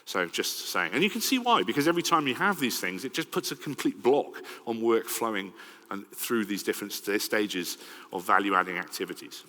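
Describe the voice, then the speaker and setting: A middle-aged man with a Welsh accent giving a lively, conversational conference talk and often checking in with "right?". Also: lowish voice, normal speed. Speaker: conference speaker. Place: large conference hall. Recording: long hall reverb.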